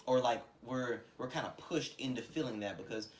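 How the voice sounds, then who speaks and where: A man's voice: medium pitch, moderate pace. A man co-hosting a casual podcast chat, telling stories animatedly and acting out what people say. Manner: animated storyteller acting out quoted voices. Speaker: podcast co-host.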